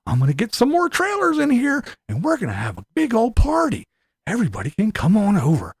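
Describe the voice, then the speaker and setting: A man's voice: sits high, huge pitch swings, fairly quick, breathy edge, no room sound, clean studio sound, voice pushed up, exaggerated voice. A man putting on a mocking impression of a whiny, self-pitying male homesteader who talks to his camera in a sing-song voice.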